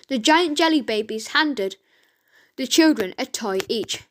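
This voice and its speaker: A woman reading a children's audiobook aloud, slowly and with the odd stumble and self-correction. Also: on the high side, expressive. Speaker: reader.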